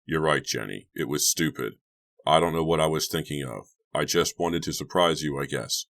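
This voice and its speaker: A man's voice: a bass voice, normal speed, vocal fry, a bit bright, exaggerated voice. A man doing a wheedling teenage prankster boy. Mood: apologetic. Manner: wheedling, playful. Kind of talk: audiobook character voice.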